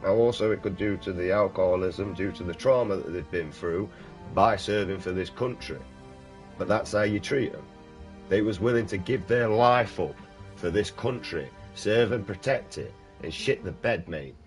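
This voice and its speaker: A young British man with a very deep voice, swearing and ranting casually while chatting to viewers on a stream. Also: normal speed, soft background music. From United Kingdom. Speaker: gaming streamer. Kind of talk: casual livestream chat.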